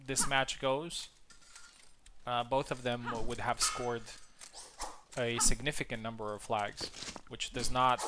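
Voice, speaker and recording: Casual game commentator with a Latin-language background. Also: male voice, medium pitch, little pitch movement, unhurried, very noisy. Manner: casual, many fillers and restarts. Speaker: tournament commentator.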